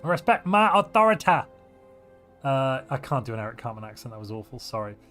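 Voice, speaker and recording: A man's voice: on the low side, steady tone, fast talker. A man casually commentating a strategy game on a livestream, thinking aloud and reacting to viewer chat in a playful way. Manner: playful, muses aloud while weighing options. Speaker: game streamer. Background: faint background music.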